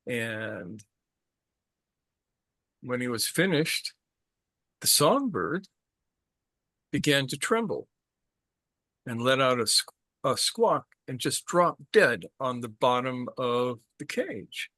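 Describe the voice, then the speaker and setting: A man's voice: medium pitch, sing-song, slow pace, long pauses, bright, forceful tone, no echo. A man telling a traditional story to a group in a casual way, repeating words and stopping to ask questions.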